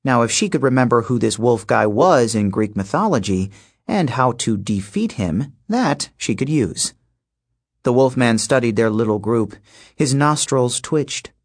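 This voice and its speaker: A male narrator delivers scripted audiobook text in a measured, even storytelling voice pitched at mid range.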